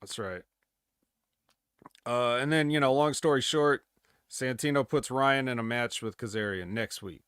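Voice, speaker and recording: A man's voice: medium pitch, a little slow, long pauses, fairly bright tone, smooth, no echo, studio quality. A man co-hosting a podcast, recapping wrestling in a rambling, jokey way and slipping into mock promo voices. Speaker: podcast co-host. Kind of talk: casual wrestling recap chat.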